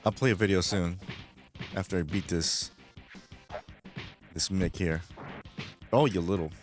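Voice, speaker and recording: Excitable New gamer man. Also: low-pitched, a little slow, faint music behind. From the Bronx, New York. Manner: excitable, swears and exclaims at the game. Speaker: livestream host. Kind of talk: live gameplay commentary.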